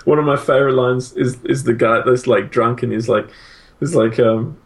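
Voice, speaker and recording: Gravelly man in rambling game chat. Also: medium pitch, moderate pace. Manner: enthusiastic, rambling, many fillers. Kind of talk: casual chat about video games.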